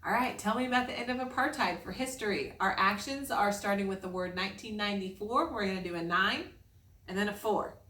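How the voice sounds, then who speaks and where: A woman's voice: medium pitch, a little fast, sharp tone. A woman teacher leading children through a memory lesson with chants and motions, upbeat and encouraging. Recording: echoey room, voice from far off.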